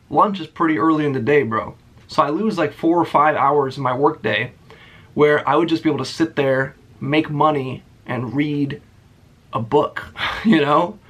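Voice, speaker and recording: Blunt and profane, a young YouTuber rants to his channel about a job he used to have. His voice sits on the high side, a bit bright with a breathy edge, and his sarcasm comes through often.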